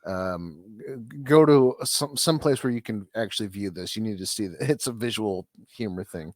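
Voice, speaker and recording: Halting man on a patchy call line. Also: fairly low pitch, darkish tone, no echo. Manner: halting, many fillers, giggly. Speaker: podcast co-host. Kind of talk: casual chat.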